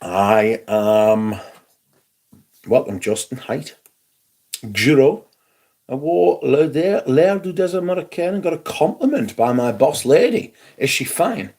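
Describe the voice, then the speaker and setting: Gravelly-voiced man chatting on a livestream. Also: medium pitch, animated, takes it slowly, a little mellow. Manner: chatty, wry, greets viewers by name. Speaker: livestream host. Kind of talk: casual live-stream chat.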